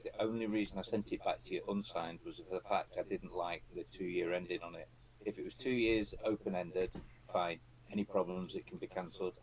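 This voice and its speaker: Guy, low voice, chatty yarn, does the voices of people he quotes. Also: low-quality recording. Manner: storytelling, acts out quotes, swears. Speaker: trucking group owner. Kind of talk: casual chat, anecdote.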